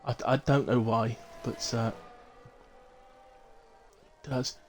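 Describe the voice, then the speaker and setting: A man's voice: medium pitch, steady tone, slow, darkish tone, a little hiss or hum. A middle-aged man giving chatty live commentary on a sim race, with jokey asides.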